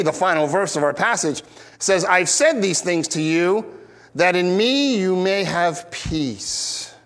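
A man preaching a conversational expository sermon, who acts out quoted lines in bigger voices and often restarts his sentences. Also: long reverb tail. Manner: animated, acts out quoted lines with big pitch jumps. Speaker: pastor.

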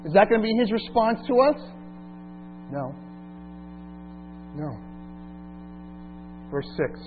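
A man preaching a sermon, climbing to emphatic, drawn-out peaks when he reads scripture. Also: mid-range voice. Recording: tinny phone-like recording with mains hum.

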